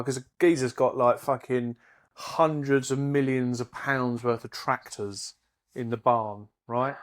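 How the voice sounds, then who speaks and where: A man's voice: medium pitch, steady tone, slow. A man, co-hosting a podcast and telling rambling jokes with lots of hesitations. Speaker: podcast co-host. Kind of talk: casual chat, joke telling.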